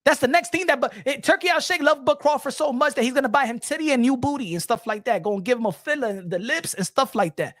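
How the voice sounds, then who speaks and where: A man's voice: very high voice, fast talker, few pauses, a bit bright, no room sound, studio quality. A man, ranting as a profane, mocking boxing commentator.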